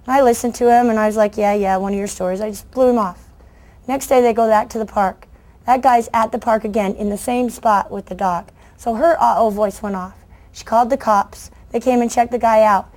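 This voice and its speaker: A middle-aged woman from the United States gives an animated storytelling talk, her voice sitting slightly high. She slips into the voices of children and adults as she goes, keeping the room with her. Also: a little fast. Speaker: children's book author giving a talk. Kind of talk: lively storytelling speech to an audience.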